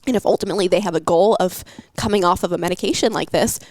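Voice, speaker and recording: A young adult woman health coach talking openly about her anxiety in a podcast, emotional and halting, with many fillers. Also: lowish voice, darkish tone, no room sound. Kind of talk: personal podcast talk.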